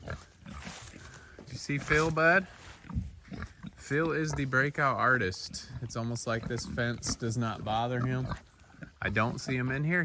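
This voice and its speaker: Easygoing farmer man outdoors. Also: medium pitch. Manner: easygoing, talks to his animals while walking. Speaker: small farm owner. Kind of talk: casual farm vlog narration. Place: outdoors in wooded pasture. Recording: outdoor ambience with clear background noise.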